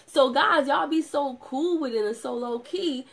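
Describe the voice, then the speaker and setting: Animated, chatty woman with gravelly edge. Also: high voice, unhurried. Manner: animated, chatty, with playful asides and laughter. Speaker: product distributor showing client results. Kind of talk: casual video chat.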